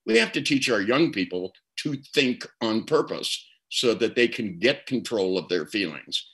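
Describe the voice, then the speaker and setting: With a fairly low, fairly bright voice, very animated and at a moderate pace, an older guest therapist recounts reflective stories in an interview. He often repeats words when starting a thought, and the recording is rough.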